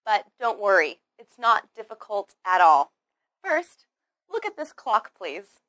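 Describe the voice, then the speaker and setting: Bright and forceful at a medium pitch, a very animated woman leads a slow, scripted pronunciation lesson in English. She carefully over-enunciates, has the learner repeat words, and offers praise, with no echo in the recording.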